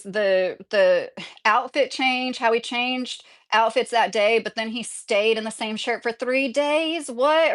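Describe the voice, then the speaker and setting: A woman with a slightly high voice rambling through casual livestream commentary. She keeps apologizing and slips in laughing asides as she goes. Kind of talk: casual live-stream commentary.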